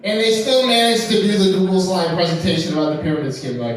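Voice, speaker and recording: A man doing a stand-up set, animated and swearing freely as he talks straight to the audience from a club stage. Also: high voice, fast talker, few pauses. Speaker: stand-up comedian. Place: nightclub stage. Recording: echoey club recorded from far off.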